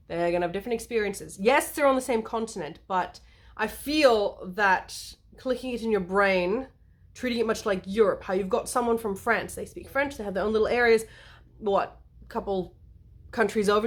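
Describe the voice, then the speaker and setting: A woman talks straight to camera in a loose, playful vlog monologue, drifting through asides and acting out bits of other people's speech. Her voice sits a little high for a woman. She sounds animated and unscripted throughout. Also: brisk. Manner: playful and animated, acts out quotes, rambling asides. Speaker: vlogger. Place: lives in the United States.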